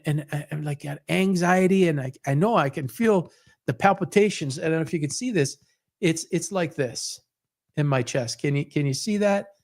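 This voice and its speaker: Middle-aged man, sports talk host, emphatic storyteller, fairly high voice, dry close sound. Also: normal speed, a little mellow, no echo. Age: 50s. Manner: emphatic, repeats words, acts out the story. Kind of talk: personal storytelling on a podcast.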